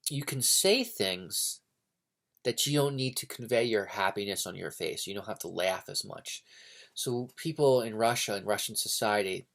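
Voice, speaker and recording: A man's voice: lowish voice, gravelly, a bit bright. A man talking casually and unscripted about a novel, rambling with many fillers and restarts. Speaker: book reviewer. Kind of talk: casual unscripted book review.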